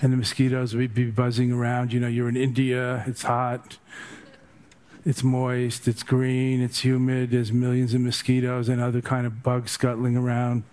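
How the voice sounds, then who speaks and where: A man's voice: mid-range voice, completely flat delivery, normal speed, a little mellow. An older man, a meditation teacher, giving a dharma talk full of humorous, rambling stories.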